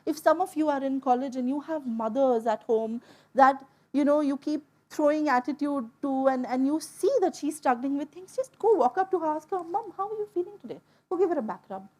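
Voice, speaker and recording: A woman from India telling a personal story to an audience, in an emotional, animated way. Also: high-pitched, fairly quick. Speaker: speaker. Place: stage before an audience.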